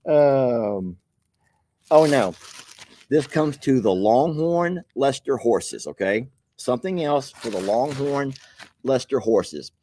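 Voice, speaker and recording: A man's voice: mid-range voice, lively intonation, slow, mellow, slight background noise. A man, chuckling and grateful as he hosts a casual chat, reading viewer mail aloud. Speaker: channel host opening viewer mail.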